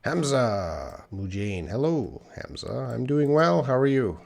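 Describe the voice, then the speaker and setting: A man teaching English in a live online lesson, reading out chat questions, correcting them patiently and speaking slowly and clearly for learners, sounding tired. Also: medium pitch, very animated, a little mellow.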